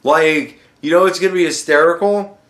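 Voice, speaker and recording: A man's voice: fairly high pitch, moderate pace, a bit bright. A young man hosting a podcast, ranting sarcastically and swearing constantly. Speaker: podcast host. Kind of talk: profane casual rant. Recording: echoey room.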